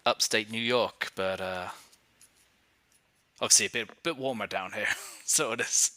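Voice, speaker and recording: A low, very bright man's voice, a man playing a relaxed, chatty traveler. The sound is close and dry, with no room at all. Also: unhurried, dry recording. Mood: easygoing. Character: easygoing male traveler.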